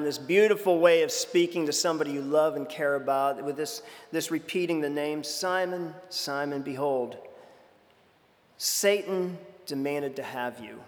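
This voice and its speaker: A man's voice: a little high, in a large hall. A man preaching a sermon in a conversational way, acting out quoted lines with dramatic shifts.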